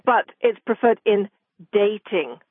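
A woman's voice: mid-range voice, expressive, breathy edge, dry recording. British woman reporting news over a phone line. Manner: measured, with frequent ums and uhs. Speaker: news correspondent. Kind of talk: radio news report in conversation. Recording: muffled phone-line sound.

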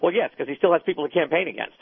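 A man joining a radio show as a political commentator, talking in a sardonic, rapid way with many restarts. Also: a little high, breathy edge, no echo. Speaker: regular political commentator guest. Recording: phone-line sound.

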